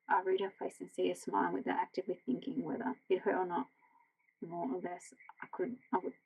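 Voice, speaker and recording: Gentle Australian woman reading bedtime stories. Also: lowish voice, vocal fry, poor audio. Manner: quiet, gentle, slipping into whispers. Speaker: audiobook reader. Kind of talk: soft bedtime story reading.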